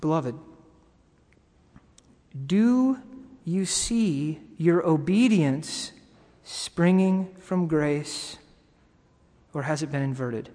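A man preaching a sermon to his congregation, earnest and halting, with pauses and restarts. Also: a little high, animated, dark tone. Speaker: pastor. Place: church sanctuary. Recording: long reverb of a hall.

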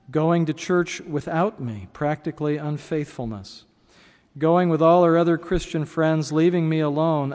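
A man's voice: on the high side, darkish tone. Man reading aloud in a reverberant hall. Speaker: speaker reading from a memoir and commenting. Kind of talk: reading aloud with spoken asides.

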